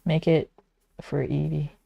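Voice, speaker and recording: Low gravelly woman streamer. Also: level tone, unhurried, no room sound, muffled recording. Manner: chatty, teasing viewers. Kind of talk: casual game-stream chat.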